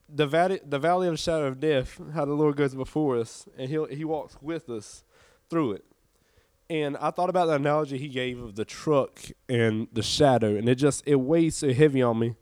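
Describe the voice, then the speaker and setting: A young man with a drawl tells his faith testimony in an earnest, heartfelt way. He sounds a little worn out and subdued, at a middle pitch. The recording is dry and close, with no room echo. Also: clear, resonant tone. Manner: earnest, emotional storytelling. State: tired, subdued. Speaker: church member giving testimony.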